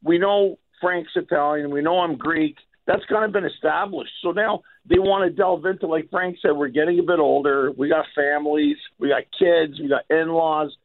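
A man comedian talks loosely on a radio show, circling his points and clearing his throat again and again. His voice sits a little high. The sound is thin and tinny, like a phone line. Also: fairly even intonation, moderate pace, hardly any pauses. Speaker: comedian guest. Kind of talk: casual radio chat.

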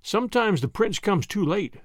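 Brief: man voicing a wistful gentleman, slow, low, dry. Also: lively intonation, no echo. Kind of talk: audiobook character reading.

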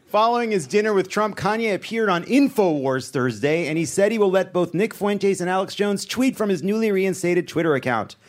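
A man anchoring a satirical comedy news segment, delivering jokes deadpan and breaking into asides. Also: sits high, brisk, few pauses.

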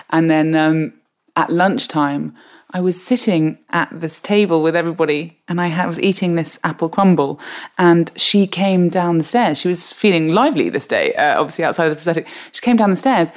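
A woman guest telling a comic anecdote in a lively, self-mocking way, often laughing. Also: on the low side, brisk. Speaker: podcast guest.

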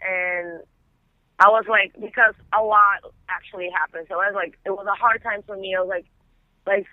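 A man with a notably high voice, calling in and telling his story in loose, meandering phrases studded with "like". His voice arrives through a thin, phone-like line, dry and close with no room around it. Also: fairly even intonation, moderate pace, no room sound. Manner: rambling, heavy use of "like". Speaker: caller. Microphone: telephone.

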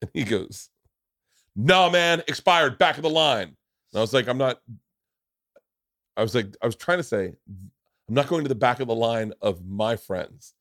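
A young adult comedian telling a story in casual podcast chat, jumping into high voices to act out the people he quotes. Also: normal speed, long pauses, dry recording, clean studio sound. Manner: animated, jumps to high pitch acting out quoted people. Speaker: comedian guest.

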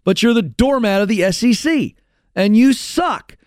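A man's voice: lively intonation, moderate pace, a little mellow, no room sound. A man hosting a talk show, ranting sarcastically in an opinion monologue in a studio. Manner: sarcastic and ranting, big swings in pitch. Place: radio studio.

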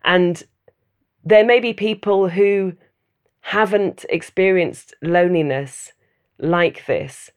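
A woman speaks in a somewhat low voice, reflective and measured. She builds her points in steady lists and gives a thoughtful personal account in an interview. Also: clean tone, muffled recording. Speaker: mother interviewed about loneliness.

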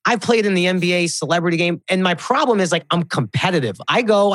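A middle-aged man telling a long story as a podcast guest, animated and profane, full of fillers. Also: high-pitched, fast talker, no echo, clean studio sound.

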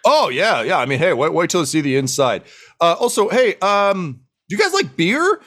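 A man voicing an excitable, friendly male dwarf who stammers eagerly and talks loudly. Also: high-pitched, fairly quick, voice pushed up.

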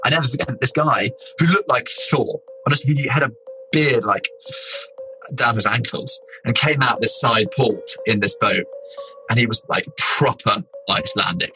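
A man from England, an explorer, telling an adventure story in a lively, anecdotal way and slipping into other people's voices. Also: medium pitch, moderate pace, faint music behind, rough recording. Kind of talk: animated storytelling interview.

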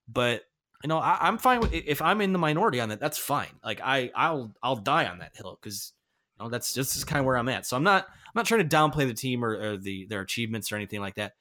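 A man's voice: medium pitch, big pitch swings, fast, bright, forceful tone. A man hosting a casual sports talk show, giving earnest, emphatic opinions. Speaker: podcast host.

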